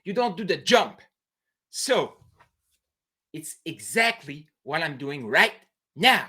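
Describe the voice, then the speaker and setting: A man with a French Canadian accent, a native French speaker, giving a fervent, halting monologue as an entrepreneur coach on a late-night live stream. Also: fairly high pitch, very animated, pushed and bright, slightly rough. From New Brunswick, Canada. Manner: emphatic, fervent, halting non-native English with broken phrasing.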